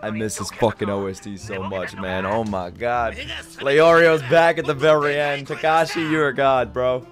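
A young man streaming his reactions to an anime, talking casually with lots of swearing and sudden shouted outbursts. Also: medium pitch, moderate pace, soft background music.

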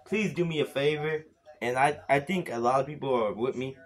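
A man in a rambling vlog, tipsy, cursing and insulting commenters, breaking into sudden loud yells. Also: mid-range voice, a little fast, slight background noise. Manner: slurred, profane and insulting, with sudden shouts. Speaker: beer vlogger. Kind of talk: rambling profane vlog rant.

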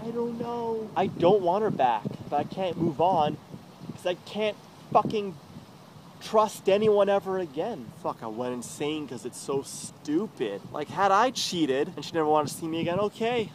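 A man's voice: on the high side, lively intonation, normal speed, noisy background. A young man in an emotional confessional rant, agitated and profane, rambling and swinging between muttering and outbursts, recorded outdoors in a city.

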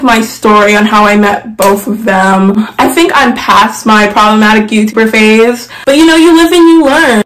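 Young woman vlogger, animated casual storyteller, slightly high voice. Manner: chatty, animated, laughing asides. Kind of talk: casual story-time vlog.

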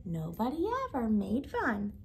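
A woman teacher reading a storybook aloud in an expressive, animated way. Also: medium pitch, a little slow, gravelly.

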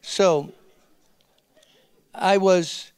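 A man's voice: sits high, fairly even intonation, extremely slow, darkish tone, smooth, no echo. A man preaching a sermon to fellow ministers in a church, speaking earnestly and conversationally, with emphatic repeated appeals. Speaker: pastor.

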